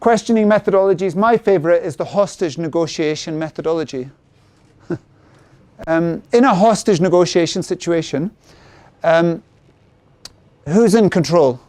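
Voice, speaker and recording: Man, middle-aged, sales seminar presenter, high-ish voice, asks the audience "right?" often, dry sound. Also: moderate pace, pauses often, a little mellow, no room sound. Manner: frequent tag questions to the audience. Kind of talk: interactive seminar talk.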